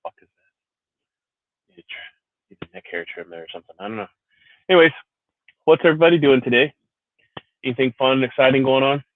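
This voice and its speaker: A man's voice: medium pitch, sing-song, quick pace, long pauses. Rambling, profane veteran man on a tinny line. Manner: profane, rambling, laughs often. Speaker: livestream host, Marine veteran. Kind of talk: casual livestream chat. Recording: tinny phone-like sound.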